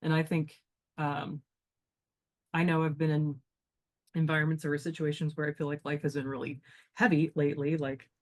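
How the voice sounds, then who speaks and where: A woman's voice: deep voice, level tone, moderate pace, pauses often. Teacher type, a woman thinking aloud on a podcast, loose and rambling, heavy on filler words. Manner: reflective, rambling with many fillers. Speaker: guest. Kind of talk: casual podcast chat.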